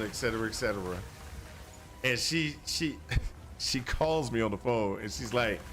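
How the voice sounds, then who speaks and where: A man's voice: mid-range voice, a bit bright, a little hiss or hum. A man casually telling a long personal story while playing a video game, rambling and repeating himself with lots of "you know". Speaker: gaming streamer.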